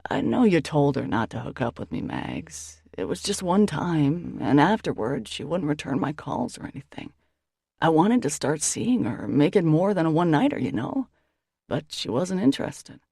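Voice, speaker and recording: A woman's voice: low-pitched, moderate pace, vocal fry, breathy edge, no room sound, studio quality, exaggerated voice. A woman reading an audiobook, voicing an impulsive, lovestruck man of twenty-six who blurts things out earnestly. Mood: sheepish. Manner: earnest and blurting, shouts when excited.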